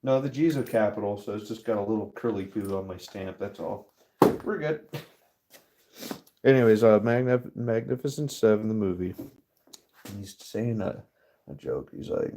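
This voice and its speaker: Rambling, laid-back man with a mellow voice. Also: fairly low pitch, normal speed, pauses often. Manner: rambling, swears often, laughs easily. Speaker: livestream host. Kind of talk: casual live stream chat. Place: workshop, stamping metal by hand.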